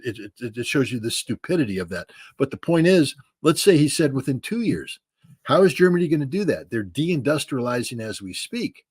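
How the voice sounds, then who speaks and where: A man's voice: mid-range voice, no room sound, clean studio sound. A middle-aged man giving blunt, emphatic political commentary in a casual way, with frequent restarts and "you know" fillers.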